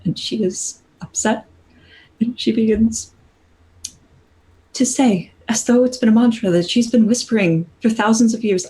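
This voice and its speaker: A woman running a tabletop game as game master, narrating slowly and haltingly as she explains rules. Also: a little high, mellow, rough recording. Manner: slow, halting descriptive narration.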